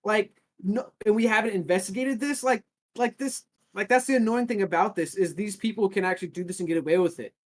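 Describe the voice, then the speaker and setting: Fairly high-voiced man rambling on a podcast. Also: fairly quick, hardly any pauses. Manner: rambling, self-described nihilistic, restarts often. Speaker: podcast co-host. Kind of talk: casual podcast discussion.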